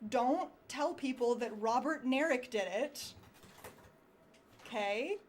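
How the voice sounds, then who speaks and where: A woman livestreaming political commentary, reading chat aloud in a sarcastic, animated way and swearing freely. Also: fairly high pitch, a little hiss or hum.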